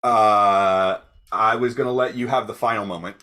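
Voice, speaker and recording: A man running a tabletop game as game master, with a dry, deadpan manner when he speaks in character. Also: on the low side, normal speed.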